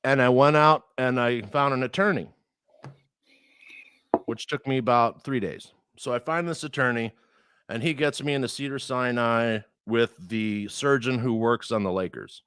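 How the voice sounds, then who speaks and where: A man tells a story in animated, casual conversation, swearing freely and acting out the people he quotes. His voice is average in pitch and clean in tone at a moderate pace, recorded close and dry with no room echo.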